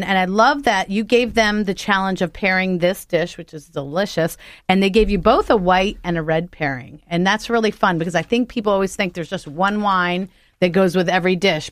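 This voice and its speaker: A woman's voice: mid-range voice, no room sound. A woman hosting a radio talk show in a studio, chatting enthusiastically about food and wine with her guests. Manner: enthusiastic, chatty, laughs often. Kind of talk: casual interview chat.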